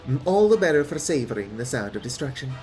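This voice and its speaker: Figure: haughty villain lord, played by a man. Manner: taunting and menacing, with "mm" and "uh" fillers. Pitch: middling. Behind: faint game music. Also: sing-song, quick pace, darkish tone, natural voice. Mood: gloating. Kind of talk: reading game text aloud.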